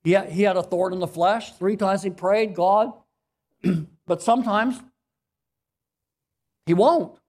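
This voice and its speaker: A man preaches in a notably high voice. He delivers an earnest sermon, repeating key phrases and clearing his throat now and then. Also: slow pace, long pauses, a little mellow. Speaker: pastor.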